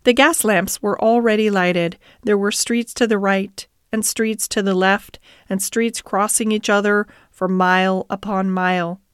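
Woman audiobook narrator, mid pitch, gentle storytelling, dry close recording. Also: steady tone, a little slow, hardly any pauses, clean tone, dry recording. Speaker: audiobook reader. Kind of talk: scripted narration.

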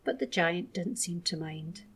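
A woman gently reading a children's bedtime story aloud as a storyteller. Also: lowish voice, lively intonation, unhurried, slightly rough.

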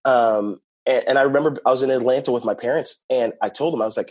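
A man who works as a youth pastor, telling stories in an animated way, repeating words and laughing often. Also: mid-range voice, quick pace. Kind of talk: casual conversational interview.

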